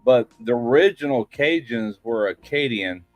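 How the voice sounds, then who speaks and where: A man's voice: mid-range voice, animated, normal speed, no echo, soft background music. Folksy, rambling man hosting a live chat. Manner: rambling, folksy, drops "ain't". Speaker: host. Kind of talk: casual live-stream chat. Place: home studio live stream.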